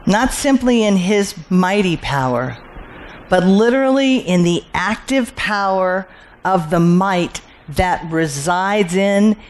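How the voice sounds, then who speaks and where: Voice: medium pitch, expressive, slow. A Bible teacher working through scripture verse by verse, asking rhetorical questions, answering them, and repeating key phrases for emphasis.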